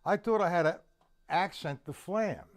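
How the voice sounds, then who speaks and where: An older man leading a live online drum lesson, counting beats aloud slowly and patiently. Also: high voice, animated, heavy background noise. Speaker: drum teacher.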